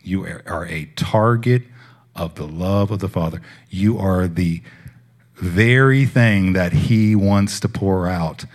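A young man preaching, telling a personal faith story in a casual, heartfelt way that swings between hushed and loud. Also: sits low, slow. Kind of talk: sermon testimony.

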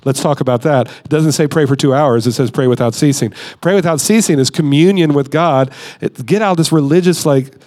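A man with a high voice preaches in a casual, conversational way. He leans into points with emphasis and slips into quick mock voices to act out the people he mentions. He sounds like a guest speaker in his thirties. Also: darkish tone. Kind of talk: sermon.

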